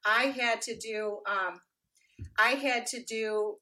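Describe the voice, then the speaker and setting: A middle-aged woman telling her career story as a podcast guest, animated, acting out dialogue with lots of fillers. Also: on the high side, slow pace. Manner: animated, acts out quoted dialogue, frequent fillers. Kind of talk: casual interview storytelling.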